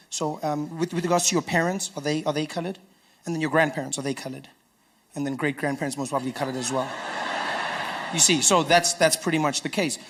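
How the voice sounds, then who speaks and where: A man with a South African accent doing stand-up comedy, telling stories with animated delivery. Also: fairly high pitch, fast talker. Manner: animated storytelling, acting out characters.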